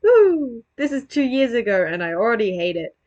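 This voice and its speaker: A woman's voice: medium pitch, animated, fast, dull audio. A woman giving casual, self-deprecating commentary on her own old video, rambling, swearing and restarting her sentences.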